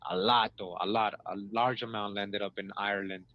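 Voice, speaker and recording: A man's voice: on the low side, fairly even intonation, normal speed, few pauses, fairly bright tone. A man hosting a show, reading passages aloud and breaking in with commentary, often repeating words and checking in with listeners. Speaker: host. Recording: dull lo-fi recording.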